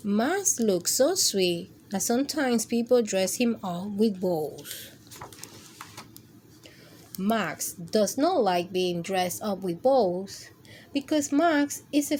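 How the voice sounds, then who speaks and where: A woman reading picture books aloud to children with a gentle, expressive storytime manner. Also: a little high, slight background noise. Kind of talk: read-aloud storytime for kids.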